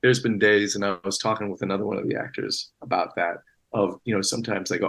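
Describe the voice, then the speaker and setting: Husky rambling actor guest. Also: male voice, on the low side, steady tone, fast, a bit bright, poor audio. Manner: rambling, many restarts and fillers. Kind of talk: casual interview chat.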